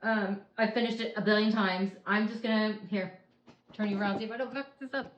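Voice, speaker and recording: A woman's voice: mid-range voice, fairly even intonation, brisk. A woman in her thirties or forties vents at length from her couch, rambling and sighing as she talks to her viewers. Her voice sits mid-range for a woman, with a roomy echo around it. The home recording sounds dull and lo-fi. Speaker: vlogger. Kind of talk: candid personal vlog.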